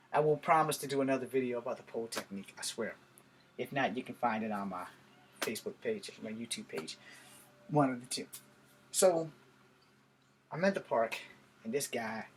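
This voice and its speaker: A man's voice: mid-range voice, a little hiss or hum. A middle-aged man vlogging, telling a story in a casual, blunt and profane way. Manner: blunt, profane, animated retelling of a fight.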